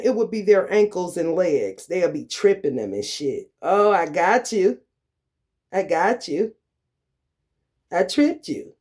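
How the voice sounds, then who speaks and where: Man in an angry, profane rant. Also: sits high. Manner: profane, confrontational, swings from loud to muttered. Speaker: vlogger. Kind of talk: angry ranting monologue.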